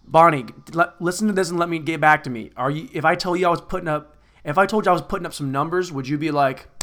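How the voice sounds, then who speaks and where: A man hosting a podcast in a casual comedic rant, rambling, crude and self-mocking, swinging between loud bursts and low mutters. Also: fast.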